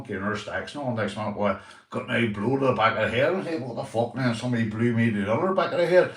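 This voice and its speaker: A man's voice: fairly low pitch, distant mic. A middle-aged man with a Northern Irish accent telling a story on a casual livestream. He swears a lot and keeps asking "right?" and "mate". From Northern Ireland. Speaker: livestream host. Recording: echoey room, set back from the mic.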